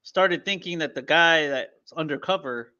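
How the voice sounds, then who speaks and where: A young man with a bright, slightly high voice breaks in bluntly with questions and profane remarks in casual chat. His mic sounds dull and lo-fi, missing its crisp top end. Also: a little slow. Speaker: podcast co-host.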